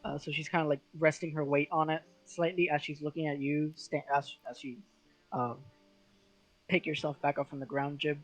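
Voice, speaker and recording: A game master narrating a tabletop game in a casual, halting way, with many fillers. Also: medium pitch, level tone, faint music behind, low-quality recording.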